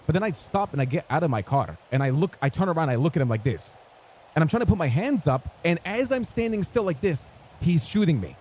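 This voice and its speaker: A man's voice: a little high, sing-song, brisk, a little mellow, a little hiss or hum. A man telling a rambling, swearing story in character, acting out quotes as he goes. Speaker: roleplay gamer in character. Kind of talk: animated storytelling in game.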